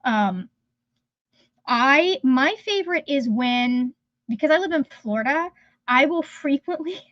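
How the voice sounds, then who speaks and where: A high-pitched woman chats casually as a livestream host, rambling and restarting her sentences as she goes. Her voice is dry and close, with a slightly dull, lo-fi sound. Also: lively intonation, measured pace, no room sound. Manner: rambling, chatty, trails off mid-sentence. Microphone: phone.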